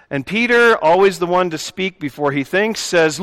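A male pastor with a high, fairly bright, clear and resonant voice preaches a sermon briskly and with few pauses. His style is conversational, with joking asides to the congregation, and the church sanctuary gives a long hall reverb.

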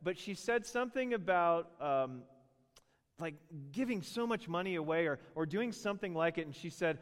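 A middle-aged man preaching a sermon, telling stories with animated asides and funny voices for characters. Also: fairly high pitch, normal speed. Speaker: pastor. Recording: long reverb of a large hall.

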